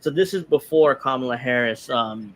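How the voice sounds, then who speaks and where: Guy doing political commentary, snarky, reads tweets w/ a mocking edge, mid pitch, bit of hiss behind. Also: animated, normal speed, a bit bright.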